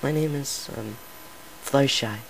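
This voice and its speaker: A man voicing a shy, timid young female pegasus pony, speaking softly and haltingly. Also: medium pitch, slight background noise, pitched above the performer's own voice, close to an everyday voice, low-quality recording. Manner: soft, hesitant, halting.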